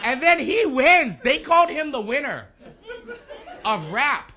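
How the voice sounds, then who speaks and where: Male stand-up, dry sarcasm, high voice, heavy noise. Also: expressive, measured pace. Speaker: stand-up comedian. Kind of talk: stand-up set.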